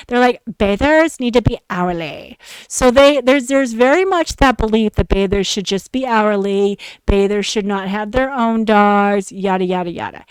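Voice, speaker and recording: Smooth-voiced woman telling a story, swearing. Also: medium pitch, no echo, poor audio. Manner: profane, candid, acts out quoted lines. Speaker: podcast host. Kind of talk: casual storytelling monologue.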